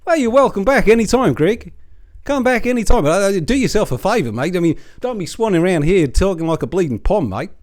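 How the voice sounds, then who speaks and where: A middle-aged Australian bloke, as a man puts him on rambles through crude, gossipy banter in a comic monologue. His Australian accent swoops up and down with lively pitch, sitting a little high for a man, full of swearing and mocking asides. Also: fairly quick. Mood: rambling. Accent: Australian (put on). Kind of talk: comedic character monologue.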